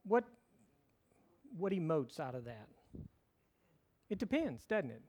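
A middle-aged man delivers a sermon with a notably high-pitched voice. He preaches in a conversational, storytelling way, slipping in light humor as he walks his listeners through the text. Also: sing-song, slow pace, a little mellow. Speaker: pastor.

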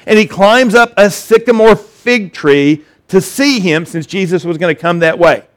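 High-voiced animated male pastor preaching. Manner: animated, acts out scripture voices, many restarts. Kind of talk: sermon.

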